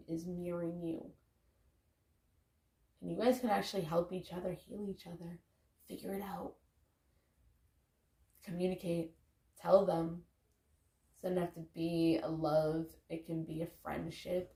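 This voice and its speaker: Woman, vlog pep talk, gravelly low voice, echoey room, candid and loose. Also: warm tone. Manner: loose, candid, swears casually, lots of "like". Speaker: vlogger, parent. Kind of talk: casual motivational talk to camera.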